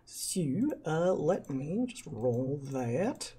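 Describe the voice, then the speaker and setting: A man's voice: fairly high pitch, very animated, very slow, mellow, breathy edge. A man narrating as dungeon master in a playful, hesitant way, full of fillers. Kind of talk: narrating a tabletop game.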